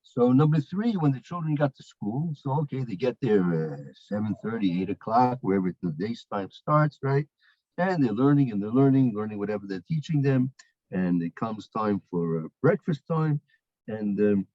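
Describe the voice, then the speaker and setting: A man's voice: medium pitch, no echo, dull audio. A man teaching the weekly Torah portion, telling a story with many fillers, restarts and repeated phrases.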